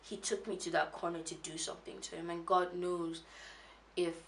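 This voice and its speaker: A young woman telling a painful personal story, halting, with many restarts and fillers, audibly shaken as she recalls it. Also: fairly low pitch, level tone, vocal fry, a little hiss or hum. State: emotional, shaken when recalling. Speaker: vlogger.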